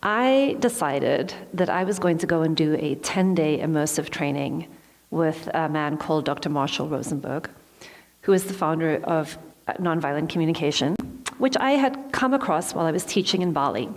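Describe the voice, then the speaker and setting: Animated woman speaker in a reverberant hall. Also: sits low, normal speed. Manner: animated, acts out her own reactions in the story. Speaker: motivational speaker. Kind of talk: storytelling talk to a live audience. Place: large hall with an audience.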